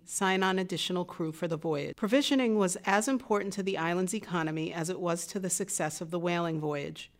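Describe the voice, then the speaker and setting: A woman narrating a museum audio guide in a measured, evenly paced scripted delivery. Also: fairly low pitch.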